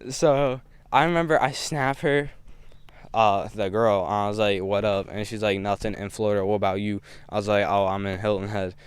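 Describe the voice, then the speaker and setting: A man's voice: lowish voice, steady tone, normal speed, clear, resonant tone. A young man vlogging a casual storytime, slangy and laid-back, laughing between lines.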